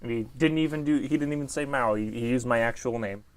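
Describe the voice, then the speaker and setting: A man who is a guest on a podcast, making crude jokes in casual chat, often pausing on fillers. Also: mid-range voice, smooth, no room sound. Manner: joking, crude humor, halting with fillers.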